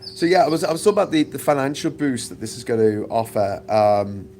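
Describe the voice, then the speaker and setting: A British man holds forth in a casual opinion rant, his voice carrying a gravelly rasp. He is blunt and profane, and drops sarcastic asides as he goes. He records outdoors on a sunny island, with a faint hum of ambient noise behind him. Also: mid-range voice, steady tone, fairly quick, darkish tone. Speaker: vlogger.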